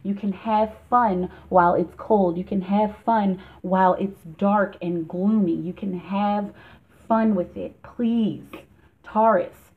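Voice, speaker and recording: A woman giving a casual tarot reading for a vlog, chatty and emphatic, laughing often. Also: medium pitch. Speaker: tarot reader. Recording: tinny phone-like sound.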